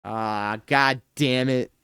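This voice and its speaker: A man hosting a livestream reaction show, commenting casually with sarcasm and sudden animated outbursts. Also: mid-range voice, drawn-out words. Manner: animated, sarcastic, bursts into shouts and laughter.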